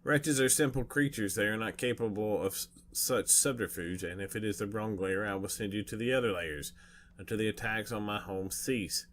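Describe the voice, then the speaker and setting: An ancient male dragon, furious and impatient, rumbles out his demands in a low, stern voice, as a man reads him aloud. His delivery is commanding and heavy, with a faint hiss of noise behind it. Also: normal speed, fairly bright tone, lightly acted. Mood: stern, angry.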